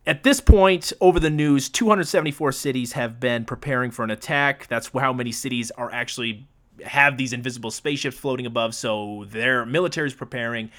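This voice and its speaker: A man's voice: mid-range voice, fairly quick, a bit bright. A man co-hosting a casual movie podcast, recapping scenes in a loose, profane way and laughing often. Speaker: podcast co-host.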